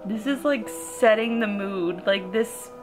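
A woman's voice: mid-range voice, takes it slowly, faint music behind. A young woman talking casually in a reading vlog, emotional and rambling, full of "like" and nervous laughs. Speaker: book vlogger.

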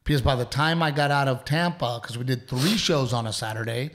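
A man in his thirties co-hosts a relaxed podcast with his wife. He tells stories with plenty of energy, slipping into the voices of the people he quotes and swearing as he goes. His voice sits at an ordinary middle pitch. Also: a little fast. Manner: animated storytelling, acts out quotes, swears freely. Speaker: podcast co-host. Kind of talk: casual banter with his wife.

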